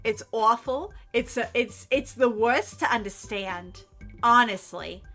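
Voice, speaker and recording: Chatty woman streamer with a bright voice. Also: a little high, slow. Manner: rambling, chatty, swears freely. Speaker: gaming streamer. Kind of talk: casual chat while playing. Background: faint game music.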